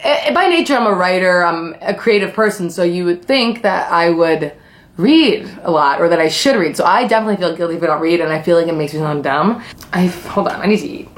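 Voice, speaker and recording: Young woman vlogger, lowish voice, casual eat-and-chat storytelling, profane and rambling. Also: expressive, fairly quick. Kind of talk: casual chat while eating. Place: at home, eating on camera.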